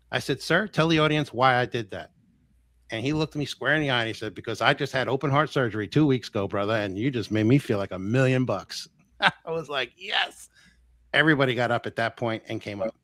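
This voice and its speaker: A man, a guest healer, telling stories casually and acting out the dialogue with lively shifts in voice. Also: mid-range voice, fairly quick, no echo, clean studio sound. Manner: animated, acts out quoted dialogue. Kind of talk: casual storytelling.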